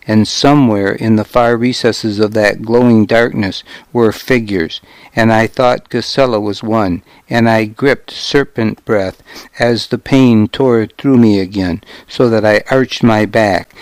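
A man narrating an audiobook in the first person, dry and gruff. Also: lowish voice, no room sound.

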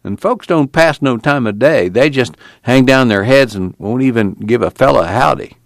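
A man's voice: mid-range voice, moderate pace, gravelly, dry recording, studio quality, pitched above the performer's own voice, close to an everyday voice. A man doing a weary drawling farmhand. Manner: flat, blunt, tired. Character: weary plainspoken young farmhand. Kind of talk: audiobook character voice.

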